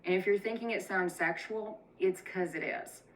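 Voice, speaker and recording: A woman's voice: medium pitch, moderate pace, slight background noise, poor audio. A woman telling a profane, irreverent comic retelling of a Bible story with chatty asides. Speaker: comedic storyteller.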